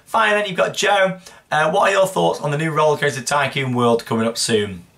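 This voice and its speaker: A man's voice: a little high, brisk, fairly bright tone. A young man hosting a casual show, answering viewer questions in a chatty, rambling way. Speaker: host.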